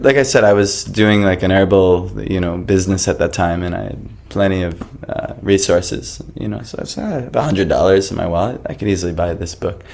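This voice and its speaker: A man casually telling the story of how he came to his faith, animated and laughing, acting out the voices of people in it. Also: low-pitched, fairly quick, creaky, slight background noise. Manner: animated, laughing, acts out quoted voices, many fillers.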